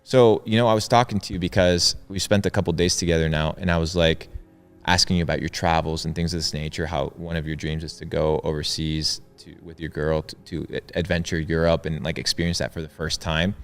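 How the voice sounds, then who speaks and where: A man's voice: a bass voice, fairly even intonation, fairly quick, clean tone, faint music behind. A young man talking in an interview, preachy and emphatic, repeating his points for effect. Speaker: guest. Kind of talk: motivational interview talk.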